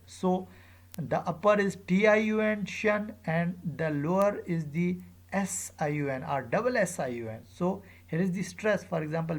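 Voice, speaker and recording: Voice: medium pitch, lively intonation. An English teacher giving a pronunciation lecture, saying each example word twice and spelling out word endings letter by letter. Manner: says each example word aloud two or three times; deliberate, with spelled-out letters and frequent "uh".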